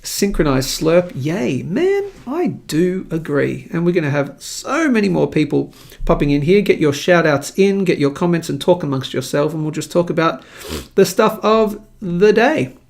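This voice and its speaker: A man's voice: on the high side, big pitch swings, moderate pace, creaky, a little mellow. A man with an Australian accent hosting a live market show, chatting in an upbeat, jokey way. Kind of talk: casual live-stream commentary.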